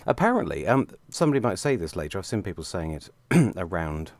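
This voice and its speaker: Casting: deep-voiced man, dry close sound, witty and pedantic. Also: very animated, brisk, no echo. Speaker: podcast panelist. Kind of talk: casual chat.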